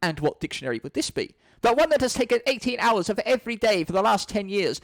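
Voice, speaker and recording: A man's voice: high-pitched, lively intonation, fast, creaky, dry recording, voice pushed up. A man reading a screenplay aloud, voicing a pompous, proud old male lexicographer who speaks grandly and indignantly. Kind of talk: screenplay read-through.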